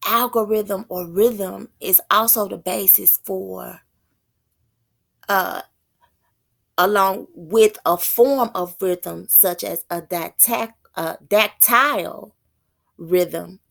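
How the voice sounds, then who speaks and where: A woman teaching as a self-styled prophetess, thinking aloud in a halting way and stopping to read passages out. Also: mid-range voice, creaky, fairly bright tone. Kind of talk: slow spoken teaching.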